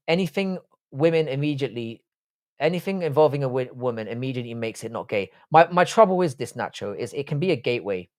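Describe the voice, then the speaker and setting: With a mid-range, slightly mellow voice, a Cork man runs a livestream where he reads viewer questions and answers them in a blunt, heavily profane way, moving between jokes and asides.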